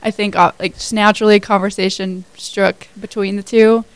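A woman's voice: mid-range voice, flat delivery, brisk, clean tone, no room sound, rough recording. A woman in her twenties, a new hire telling her story as a guest in a casual radio interview, chatty with many fillers. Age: 20s.

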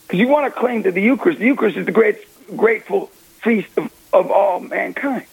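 A man speaking as a Catholic ministry guest on a radio talk show, energetic and preachy, acting out the people he quotes. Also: high voice, brisk, vocal fry, breathy edge, poor audio. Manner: energetic, preachy, laughs often, acts out quotes. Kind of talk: lively radio interview talk. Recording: radio broadcast.

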